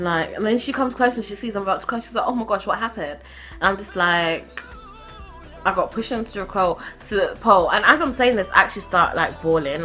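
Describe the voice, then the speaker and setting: Young woman, vlogger, animated and laughing, sharp bright tone. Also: mid-range voice. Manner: chatty, animated, laughs often. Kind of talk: storytime vlog.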